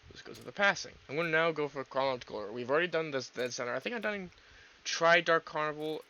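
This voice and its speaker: A man's voice: a little high, lively intonation, fast talker, bright, forceful tone, rough recording. A man hosting a gaming video, rambling in casual commentary, swearing freely and poking fun at himself.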